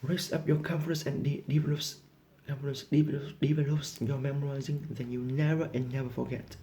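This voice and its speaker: A man's voice: medium pitch, dark tone, a little hiss or hum. A man whose first language is Vietnamese, earnestly coaching English learners and reading practice dialogues. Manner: earnest, non-native phrasing, reads both sides of practice dialogues. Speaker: English teacher. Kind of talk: motivational lesson and dialogue reading.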